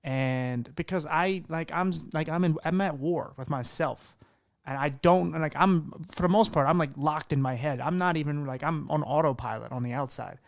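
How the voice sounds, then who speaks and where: A man's voice: fairly high pitch, normal speed, gravelly, no room sound, studio quality. A man hosting a podcast interview, talking candidly in a rambling way with many restarts. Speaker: podcast host. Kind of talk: casual conversational interview.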